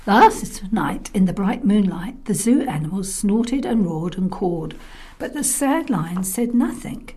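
A woman storyteller narrating a children's tale, expressive and often dropping to a soft whisper. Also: medium pitch, measured pace. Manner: softly whispered in places, expressive.

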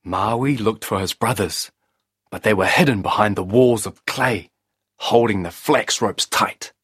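A man reading a storybook aloud, calm and measured. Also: on the low side, breathy edge, no echo, clean studio sound.

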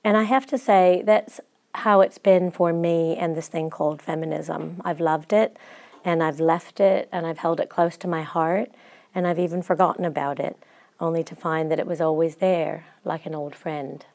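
A woman's voice: deep voice, fairly even intonation, normal speed, a little mellow. Reflective American woman giving a speech. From Chicago, USA. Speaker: guest speaker. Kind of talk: prepared speech.

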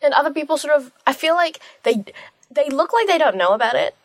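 A woman's voice: sits high, lively intonation, a little fast, dry recording. Gushing young woman reviewing a film. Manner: gushing, rambling, many fillers. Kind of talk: casual vlog chat.

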